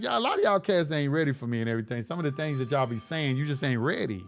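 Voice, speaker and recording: A man's voice: a little high, lively intonation, fast, vocal fry. A man hosting a live stream, reading chat questions and answering them in a blunt, lecturing way with casual slang, often repeating himself.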